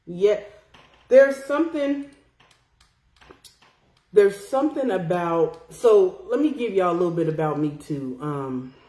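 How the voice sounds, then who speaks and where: A young adult woman hosting a podcast, chatting casually and reading comments from a live chat in a blunt, profane, animated way. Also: on the low side, slow pace, pauses often, echoey room.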